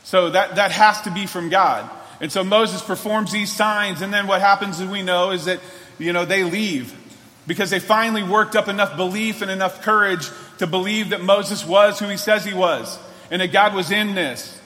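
A man's voice: sits high, moderate pace, sharp tone, long reverb tail. A man preaching a sermon to a church congregation, in an earnest, conversational way with frequent restarts. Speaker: pastor. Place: church hall.

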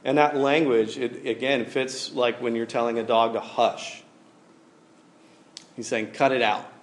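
A man's voice: mid-range voice, measured pace. Casual, storytelling man preaching. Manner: casual, animated storytelling with many fillers. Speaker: pastor. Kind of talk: conversational sermon.

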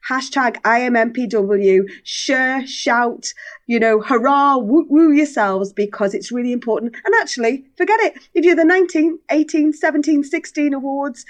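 A woman being interviewed in a casual chat. She talks in quick bursts with many restarts, and her pitch leaps up whenever she quotes people. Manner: animated, jumps in pitch when quoting people. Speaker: podcast guest, awards organiser.

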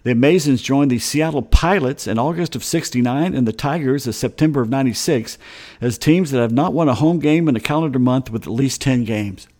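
A middle-aged man with a medium-pitched, darkish voice hosts a relaxed sports talk show on the radio. While reading baseball history, he keeps drifting into rambling anecdotes and chuckling.

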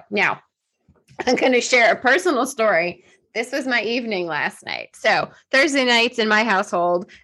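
Lively storytelling woman host. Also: mid-range voice. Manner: animated, acts out quoted voices. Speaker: insurance podcast host. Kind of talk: casual storytelling chat.

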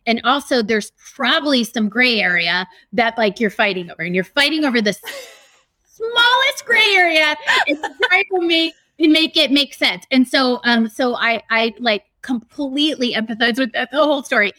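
Woman co-host, bright and slightly high voice, sympathetic and chatty. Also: lively intonation, normal speed, few pauses, no room sound. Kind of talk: casual conversation.

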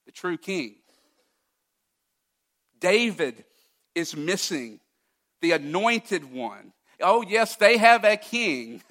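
A male pastor preaching a sermon with emphatic delivery, swinging from loud declarations to hushed asides. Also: high voice, sing-song, extremely slow, long pauses.

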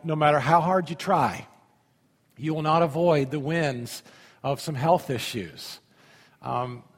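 A man's voice: fairly high pitch, husky. A man pastor preaching a sermon in a conversational way, often asking the audience questions. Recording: long hall reverb.

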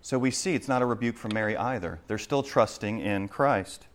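A man preaching a sermon, swinging between loud, urgent questions and hushed explanation. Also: fairly low pitch, normal speed. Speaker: pastor.

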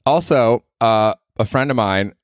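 A man hosts his own podcast, delivering a rambling, profane, self-mocking comedic monologue. His mid-range voice is unhurried, and the recording is dry and studio quality.

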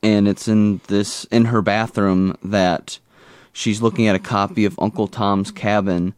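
A man's voice: fairly low pitch, fairly even intonation, unhurried, clean tone, dry recording. A man co-hosting a podcast, recapping a TV episode in casual chat with jokey, rambling asides. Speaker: podcast co-host.

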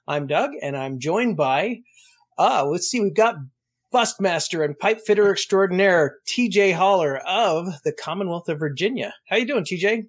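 High-voiced folksy male podcast host. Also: lively intonation, normal speed. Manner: folksy, playful introductions. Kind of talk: casual podcast chat.

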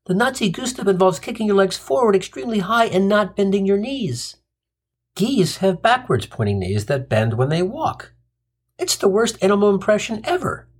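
A man's voice: high voice, sing-song, normal speed, husky. A man hosting a comic storytelling podcast, telling a sardonic, rambling monologue full of tangents and crude punchlines.

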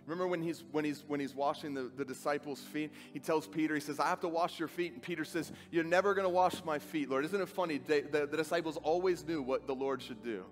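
A man preaching a sermon with an earnest, dramatic delivery, acting out quoted dialogue and dropping to a soft, quiet voice. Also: fairly high pitch, fast talker, hardly any pauses. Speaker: pastor. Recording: faint music behind.

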